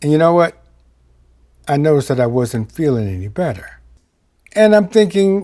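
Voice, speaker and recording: Lively-voiced male minister telling a story. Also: on the high side, normal speed. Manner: storytelling, swinging from loud exclamations to quiet asides. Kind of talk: sermon.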